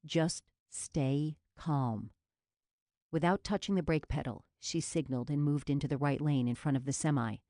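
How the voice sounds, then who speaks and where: A woman reads audiobook narration in a steady, measured way. Her voice sits low, and the recording is close and dry with no room sound. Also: no echo.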